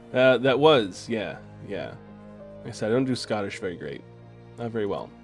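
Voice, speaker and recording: A man's voice: on the low side, big pitch swings, normal speed, faint music behind. Casually swearing male game streamer. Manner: swears casually, reads on-screen text aloud.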